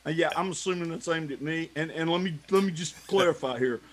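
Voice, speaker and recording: A man's voice: fairly high pitch, fast talker. A man co-hosting a podcast, a musician telling stories and laughing often. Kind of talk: casual chat.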